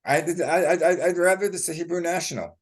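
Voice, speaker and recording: A man's voice: fairly high pitch, moderate pace. An older man from Brooklyn hosting a casual chat, stammering and repeating the first words of his sentences. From Coney Island, Brooklyn. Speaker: host.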